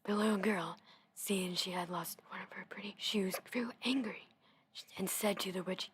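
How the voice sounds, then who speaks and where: Young woman whispering a storybook, really breathy, close mic, chatty asides. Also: fairly low pitch, fairly even intonation, a little slow. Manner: soft whisper, casual with many "like"s in asides. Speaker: gaming video host reading aloud.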